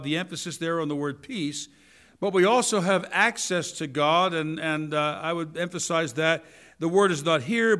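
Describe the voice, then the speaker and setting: An older man preaching a sermon to his congregation in a folksy, animated way, full of asides and stories. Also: on the high side.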